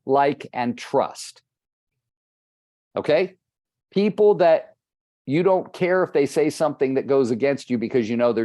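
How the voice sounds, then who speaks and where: A man's voice: mid-range voice, warm tone, no echo, clean studio sound. A man coaching real estate agents on a live call, talking plainly and addressing listeners by name.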